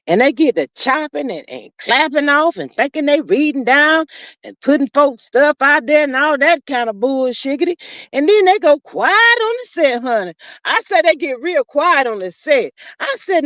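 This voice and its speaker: Sassy high-voiced woman livestreaming. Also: no room sound. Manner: animated, sassy, drawn-out commentary with frequent "child" and "honey". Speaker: livestream host reading chat. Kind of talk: casual livestream chat.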